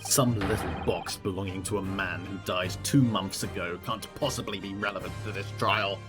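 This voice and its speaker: A man's voice: deep voice, fairly even intonation, natural voice. A man voicing a scornful aristocrat prosecutor. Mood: dismissive. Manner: slow, disdainful courtroom delivery. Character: haughty aristocratic male prosecutor, cold and scornful. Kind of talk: voicing game dialogue on a stream. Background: game music.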